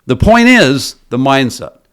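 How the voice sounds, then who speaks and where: A man's voice: medium pitch, big pitch swings, measured pace, fairly bright tone, clean tone. A man working as a business coach, giving a motivational talk built around a story and asking his listeners rhetorical questions.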